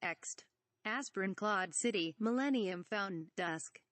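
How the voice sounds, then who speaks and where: A woman reads a homemade parody script aloud, calling out the stage directions in a plain, even voice. Her voice sits at a middle pitch, and the recording is dry and close with no room sound. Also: measured pace, no echo. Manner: reads stage directions plainly, says asterisk for bleeped words. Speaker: reader.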